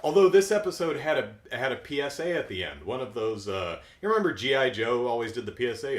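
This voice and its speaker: A middle-aged man with a deep voice, hosting a casual, keyed-up reaction commentary on a cartoon. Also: fast talker, few pauses, roomy sound. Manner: animated, keyed-up, jumps into silly voices. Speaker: podcast host.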